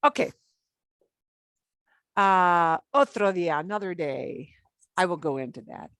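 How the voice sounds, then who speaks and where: A woman's voice: lowish voice, measured pace, fairly bright tone, no room sound. A woman teaching a beginner Spanish class, explaining step by step, slipping in Spanish words and laughing lightly. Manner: patient, explains step by step, switches between English and Spanish.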